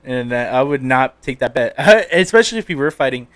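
A man's voice: medium pitch, animated, brisk, fairly bright tone, no room sound. A young man talks casually on a podcast, recounting a story in a loose, rambling way. He swears freely and laughs often. The sound is dry and close to the mic.

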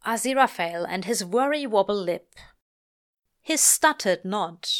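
Slow, lyrical woman reading fiction. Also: a little high, lively intonation, a bit bright, clear, resonant tone. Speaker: reader. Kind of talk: audiobook-style fiction reading.

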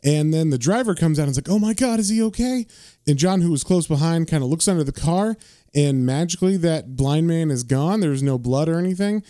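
Man, casual comic recap, rambling with fillers, mellow dark tone, dry close sound. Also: fairly high pitch, fairly quick, no room sound. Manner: loose and rambling, with frequent fillers. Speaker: comic book reviewer.

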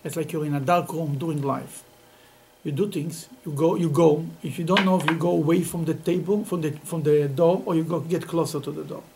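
A man teaching a Talmud class to students, telling stories in an animated way and laughing often. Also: fairly high pitch, a little fast, vocal fry, noisy background. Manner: animated, laughing, Yiddish-sprinkled storytelling.

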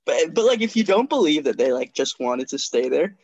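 A man's voice: on the high side, very animated, fairly quick, a little mellow, muffled recording, a little hiss or hum. A man co-hosting a casual comedy podcast, rambling through stories with lots of filler words.

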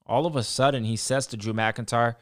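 A man talking through a show recap in a casual, blunt way, cursing freely whenever something annoys him. His voice sits at an ordinary middle pitch and sounds close and dry, with no room sound around it. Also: fairly even intonation, a little fast, dry recording. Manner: blunt, profane, ranting. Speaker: wrestling show reviewer.

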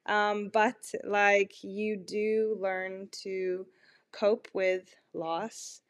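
A woman's voice: mid-range voice, flat delivery, extremely slow, smooth. A woman in her twenties hosting a personal podcast, talking in a candid, rambling and self-mocking way. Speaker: podcast host.

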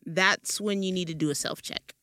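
A woman's voice: fairly low pitch, steady tone, moderate pace, sharp tone, no room sound, studio quality. A woman hosting a podcast, talking in an encouraging, churchy cadence. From American South. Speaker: podcast host. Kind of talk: casual chat.

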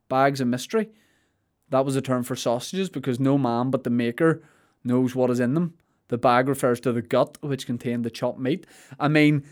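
Sweary comedian riffing. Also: male voice, medium pitch, a little mellow. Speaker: comedian and podcast host. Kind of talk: comedic podcast monologue.

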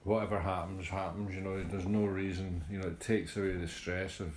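A man's voice: deep voice, flat delivery, brisk, darkish tone, a little hiss or hum. A man reads a daily recovery meditation, then chats reflectively with many fillers. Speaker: recovery group member. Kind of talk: reading a daily meditation, then casual chat. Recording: echoey room.

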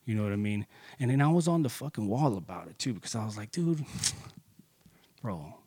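A man in his thirties telling a personal story in casual, profane speech, getting heated and jumping into higher voices when he quotes people. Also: lively intonation, racing, mellow, breathy edge, no echo.

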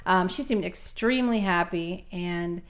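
A woman's voice: on the low side, unhurried. A woman co-hosting a podcast, chatting casually and retelling a reality show scene with acted-out voices. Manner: animated storyteller, acts out voices. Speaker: podcast co-host. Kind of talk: casual chat.

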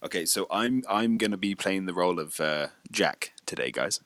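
A man's voice: low-pitched, moderate pace, fairly bright tone, dry recording. A man bantering casually as co-host, joking and interrupting with silly voices.

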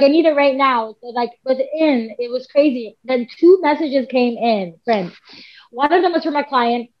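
A woman, a podcast guest telling a long story in casual chat, rambling with many fillers and quoted self-talk. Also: a little high. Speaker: podcast guest, MMA fighter and coach. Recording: dull lo-fi podcast audio.

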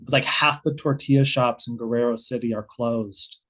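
A researcher with an American accent talks through their subject on a podcast in a mid-range voice. The delivery is animated and loose, full of restarts and thinking aloud. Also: mid-range voice, moderate pace. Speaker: guest researcher. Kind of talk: casual explanatory conversation.

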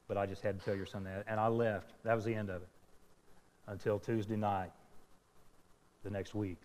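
A man's voice: on the low side, a little mellow. A male pastor telling a story in a sermon, self-deprecating and acting out the dialogue of the people in it. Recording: long hall reverb.

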